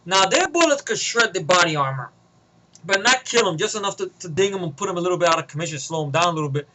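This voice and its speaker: High-voiced man rambling a story. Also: lively intonation, fast talker, sharp tone, rough recording. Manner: rambling, casual slang, swearing. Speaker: vlogger. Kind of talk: rambling movie pitch.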